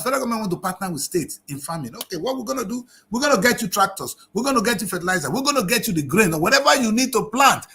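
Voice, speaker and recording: A man's voice: high voice, bright, forceful tone. A man giving impassioned political commentary on a TV review show, scolding and firing off rhetorical questions.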